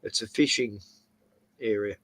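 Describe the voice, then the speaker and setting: Slow, bright-voiced Australian man. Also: lowish voice, fairly even intonation, husky. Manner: rambling, anecdotal storytelling with chuckles. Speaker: host. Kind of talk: casual chat.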